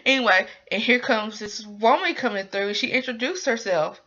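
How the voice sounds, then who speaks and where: A woman's voice: a little high, normal speed, bright, forceful tone. A young woman casually recapping a drama episode, rambling with lots of ums and likes. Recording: dull lo-fi recording.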